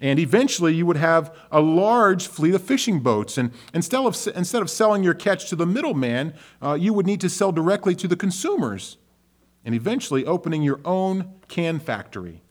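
A brash American businessman pitching big plans in a high, loud, insistent voice, as a preacher acts him out. He presses his point hard and pushes the pace of the story. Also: very animated, fairly quick. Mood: pushy. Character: ambitious American businessman, pushy.

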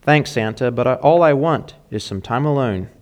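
A man's voice: mid-range voice, animated, moderate pace, a little mellow, lightly acted. A man reading as a weary, grumbling mother. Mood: exasperated. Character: weary, tired mother, middle-aged woman.

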